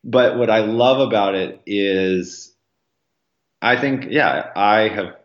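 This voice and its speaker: A man talking as a podcast guest, rambling casually with lots of ums and likes, acting out quoted voices. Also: takes it slowly. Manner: acts out quoted voices with jumps in pitch. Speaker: podcast guest, marathon runner. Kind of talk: casual interview conversation. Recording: roomy, slightly dull sound.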